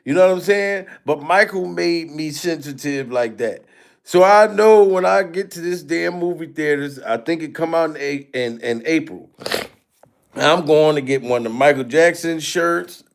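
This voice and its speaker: Male livestream host with a high voice. Loose and profane, laughs a lot, thanks donors. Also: moderate pace, creaky. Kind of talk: casual livestream chat.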